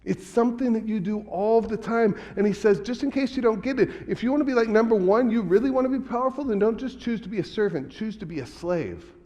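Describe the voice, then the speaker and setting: A man's voice: high voice, fast, few pauses, dark tone, long reverb tail, muffled recording. A man pastor preaching a sermon in a casual, conversational way, retelling scripture in everyday speech.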